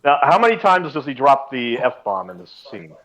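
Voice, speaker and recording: Laughing, animated man on a commentary. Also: mid-range voice, normal speed, low-quality recording. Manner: chatty, laughs often. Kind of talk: casual movie commentary.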